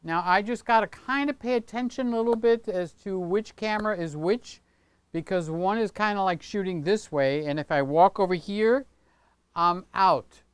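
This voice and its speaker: A man's voice: high-pitched, normal speed, clear, resonant tone, no room sound. An older man hosting a casual livestream from his home studio, rambling and chatty, often tagging on "okay?". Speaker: channel host. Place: home studio room with set pieces.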